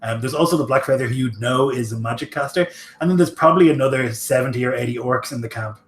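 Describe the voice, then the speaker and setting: A man's voice: mid-range voice, fast talker, reverberant. A man running a tabletop game as game master, narrating casually with fillers.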